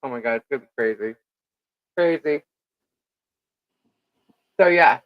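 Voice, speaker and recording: A woman's voice: very deep voice, measured pace, dry recording, muffled recording. Woman, live-stream co-host, casual chat, rambling, laughs a lot, dry close sound. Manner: rambling storyteller, laughs often, many fillers.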